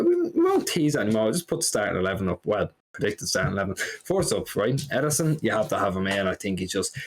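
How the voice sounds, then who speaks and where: A rapid-fire man with a lowish voice, chatting casually about football as a podcast co-host. His talk runs on and on, animated, with the odd swear word dropped in.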